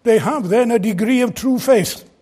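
A man's voice: very high voice, moderate pace, a little mellow. A man preaching an expository sermon from a pulpit, earnest and emphatic as he explains a Bible passage. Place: church pulpit.

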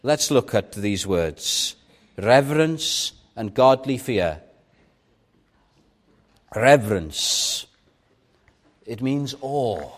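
A man preaching a sermon, earnest and measured, with dramatic pauses on key words. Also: medium pitch, expressive.

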